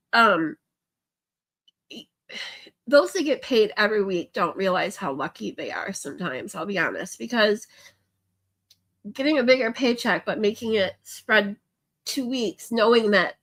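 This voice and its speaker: A woman's voice: on the high side, fairly bright tone. A woman hosting a livestream, talking to her viewers in a casual, ranting way through tears, with lots of restarts and fillers. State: crying. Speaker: livestream host.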